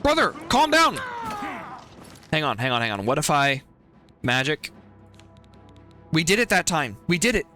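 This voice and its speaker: A man's voice: mid-range voice, sing-song, normal speed, long pauses, pushed and bright, faint music behind. A man streaming a video game, commenting live and pleading and swearing at the characters on screen.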